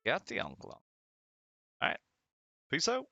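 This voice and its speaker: A man's voice: medium pitch, huge pitch swings, slow, vocal fry, sharp tone, lo-fi sound, faint music behind. A man streaming a retro adventure game, reading its text aloud in hammy voices and laughing at his own slips.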